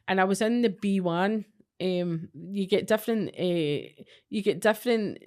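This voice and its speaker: A woman's voice: medium pitch, a little fast. Scottish woman, podcast co-host, swears freely, tells stories bluntly and chattily. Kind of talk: casual chat.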